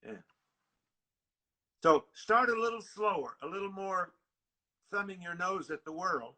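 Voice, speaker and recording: Older male horn coach, high bright voice, sings phrases, video-call masterclass. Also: expressive, measured pace, long pauses. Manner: sings rhythms in scat syllables. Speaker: horn teacher.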